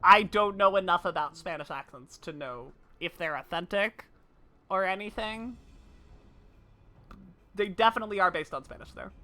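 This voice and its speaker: Woman streamer chatting while she plays, bright sharp voice, lots of laughing, jokey and emphatic. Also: mid-range voice, normal speed, long pauses. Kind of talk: casual live-stream chat while playing.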